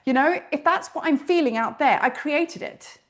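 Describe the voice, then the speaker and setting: Woman, spiritual teacher; higher voice, lively, blunt storytelling lesson. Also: normal speed. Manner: animated storytelling, frank, swears casually. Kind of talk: informal spiritual teaching talk.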